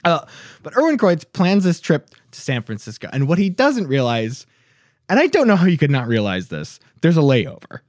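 A man's voice: on the high side, huge pitch swings, moderate pace, a little mellow, dry recording, clean studio sound. A man hosting a podcast, telling a story in casual chat and laughing often. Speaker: podcast host.

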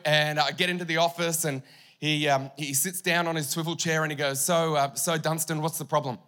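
A young Australian pastor preaches, spinning a story with comic asides to his congregation. His voice sits high, with a bright tone. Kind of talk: humorous sermon.

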